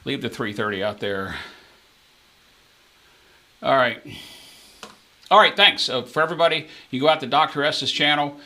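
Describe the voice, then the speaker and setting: A man hosting a live craps stream, giving chatty play-by-play of the dice and talking straight to his viewers, jumping up in excitement when the dice land. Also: mid-range voice, normal speed, pauses often.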